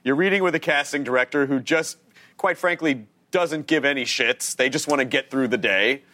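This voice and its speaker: A man hosting a TV talk show, asking questions in a quick, casual, joking way. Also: mid-range voice, pushed and bright.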